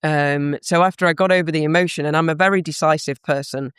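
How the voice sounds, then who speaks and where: A woman's voice: deep voice, fairly even intonation, fast talker, smooth, dry recording, studio quality. A woman guest in a podcast interview, telling a heartfelt, reflective story about her career.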